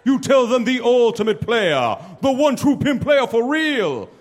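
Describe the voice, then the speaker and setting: A man doing a bad Jamaican accent as a boastful reggae star giving drawn-out stage speeches, heard from far off on a live stage. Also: very high voice, sing-song, voice pushed up, exaggerated voice. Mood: swaggering. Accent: Jamaican, self-admittedly bad imitation. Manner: drawn-out, shouted. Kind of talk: stand-up impression.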